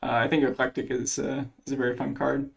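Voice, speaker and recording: Man, gravelly voice, casual card game commentary, mid pitch, thinking aloud. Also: completely flat delivery, quick pace. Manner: thinking aloud, weighing plays with fillers. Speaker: card game player commentating his match.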